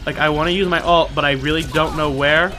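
A man's voice: fairly high pitch, steady tone, a little fast, pushed and bright. A young man alone at his desk mic, casually commentating his gameplay with brash, profane, sarcastic trash talk. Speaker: gaming video creator. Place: alone at home. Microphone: desk microphone and webcam.

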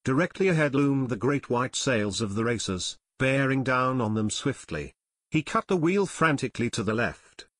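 In studio quality with no echo, a man reads scripted narration for an adventure audiobook. His mid-range voice stays steady and measured as he tells the story.

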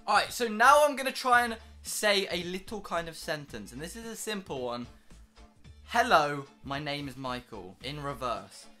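A young man chats straight to camera for his channel. His voice sits a touch high and sounds bright and forceful, and he curses freely while mocking himself. Faint music plays in the background. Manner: excitable, swears a lot, laughs at himself. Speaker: YouTuber. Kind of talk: casual vlog commentary.

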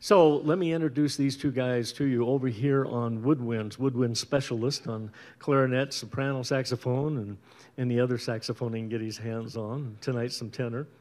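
Between numbers at an indoor concert, a middle-aged guitarist and bandleader from Utah, USA, introduces the show with relaxed, rambling banter marked by many pauses and restarts. His voice sits at medium pitch, steady and darkish in tone.

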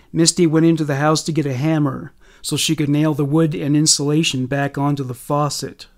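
Man narrating in a slightly high voice. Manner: steady, measured storytelling. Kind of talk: scripted narration.

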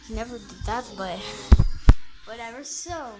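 Offhand woman with a lively voice. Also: a little high, measured pace, loud music behind the voice, rough recording. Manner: rambling and offhand, talks to her pets. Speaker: vlogger. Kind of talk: casual house-tour vlog. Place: at home, indoors. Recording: loud background noise.

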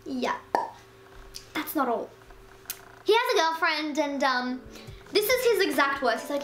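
A young woman talks through a casual storytime, chatty and peppered with "like" as she acts out other people's words. Her voice sits high. The room is echoey, with faint music underneath. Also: big pitch swings, unhurried, pauses often, a bit bright. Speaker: vlogger.

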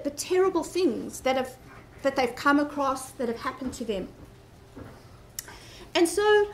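A woman's voice: high voice, a bit bright. A woman with a South African accent giving an earnest conference talk, often restarting her sentences. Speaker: conference speaker. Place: conference breakout room. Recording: echoey conference room.

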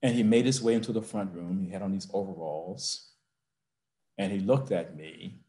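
Mellow-voiced older man telling a story. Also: low voice. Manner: slow, emotional storytelling rising to rousing emphasis. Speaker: university president. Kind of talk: storytelling in a video-call interview. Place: office. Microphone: video call.

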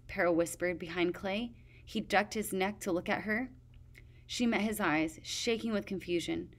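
A woman's voice: on the low side, normal speed. Woman reading a fantasy storybook. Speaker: audiobook reader. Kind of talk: storybook narration.

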